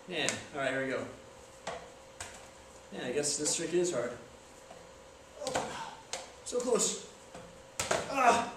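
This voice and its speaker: A young man talks casually and jokes at his own expense while filming himself. His voice sits fairly high, and the room rings with strong echo, caught by a camera mic some distance away with a faint hiss. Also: very animated, takes it slowly, pauses often. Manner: joking, self-deprecating, chatty. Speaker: video maker. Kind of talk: casual self-filmed tutorial talk. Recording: echoey room from far off, faint noise.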